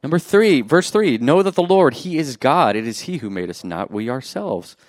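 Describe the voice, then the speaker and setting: A man preaching a sermon, animated and joking with the congregation, swinging from loud bursts to quiet asides. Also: mid-range voice, moderate pace, no echo. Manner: jokes with the congregation.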